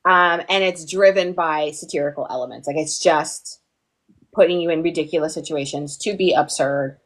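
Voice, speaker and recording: A woman's voice: low-pitched, moderate pace. A young woman from the US East Coast teaching a casual livestream lesson, chatty and playful, digressing often and asking "okay?". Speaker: online TV pitching instructor.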